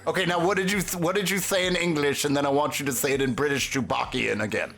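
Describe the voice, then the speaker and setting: A man hosting a live stream, teasing and excitably pushing a chatbot with requests. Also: a little high, fast talker, creaky, faint music behind. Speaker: livestream host. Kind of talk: casual live-stream chat.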